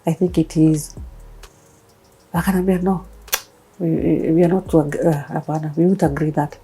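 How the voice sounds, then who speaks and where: A woman's voice: low-pitched, normal speed, a little hiss or hum, low-quality recording. A woman in her thirties with a Kenyan accent, a guest telling her personal story in an interview and acting out what others said. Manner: animated storytelling, acting out quoted voices.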